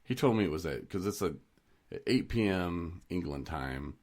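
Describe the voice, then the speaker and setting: A man's voice: low voice, animated, normal speed, darkish tone. A man co-hosting a podcast, chatting casually and rambling through stories with frequent chuckles. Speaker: podcast co-host. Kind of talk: casual chat.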